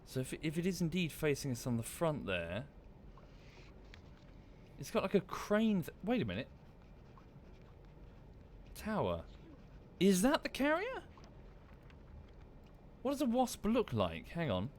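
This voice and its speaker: Male gaming streamer at home, casual talk-through, lively swooping pitch, mutters and corrects himself. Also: unhurried, pauses often, a little hiss or hum. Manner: thinks aloud, muttering asides and self-corrections. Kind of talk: casual live-stream commentary.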